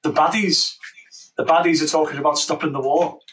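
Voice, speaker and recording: A man's voice: on the high side, fairly even intonation, a little fast, a bit bright, recorded from a distance, rough recording. A man co-hosting a casual current-affairs podcast, talking bluntly and swearing freely. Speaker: podcast co-host.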